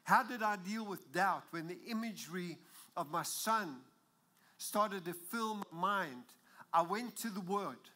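A man preaching a sermon in a church, emphatic and building to loud exclamations. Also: sits high.

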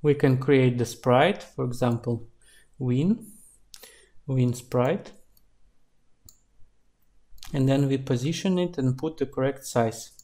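Relaxed man narrating a game-dev tutorial. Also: medium pitch, slow, long pauses. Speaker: indie game developer. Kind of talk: screen-recorded tutorial narration.

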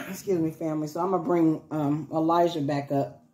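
Woman vlogger, chatty and repetitive, laughs easily; warm low voice, echoey home room. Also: fairly even intonation, a little fast. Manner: chatty, repeats herself, laughs often. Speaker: vlogger caring for baby dolls. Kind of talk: casual chat to camera. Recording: echoey room with faint background noise.

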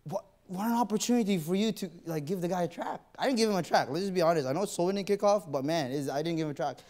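Speaking quickly in a high-pitched, slightly mellow voice, a man preaches in a church auditorium. He tells a personal story and acts out his inner voice.

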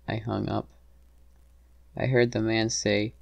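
A man tells a dramatized story in the first person with earnest tension. His voice sits low with a gravelly fry. The recording is dry and close to the mic. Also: little pitch movement, takes it slowly, pauses often, no echo. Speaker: narrator.

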